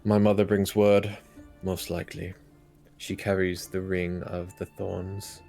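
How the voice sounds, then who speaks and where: Brief: very deep, monotone man, earnest in-character player. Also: gravelly, faint music behind. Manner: earnest, formal, halting. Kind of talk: in-character tabletop role-play.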